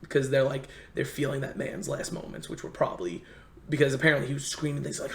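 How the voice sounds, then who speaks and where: A man in casual conversation telling history stories in a halting way, full of restarts. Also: mid-range voice, little pitch movement, vocal fry, a little hiss or hum. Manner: rambling, halting history storyteller with many restarts. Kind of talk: casual storytelling chat. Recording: echoey room.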